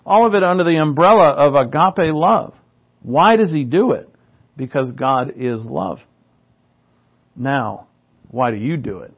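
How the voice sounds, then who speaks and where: A man's voice: a little high, animated, a little slow, pauses often, husky, highs cut off. A man preaching a sermon in a conversational way, firing rhetorical questions and slipping in humorous asides. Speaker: pastor.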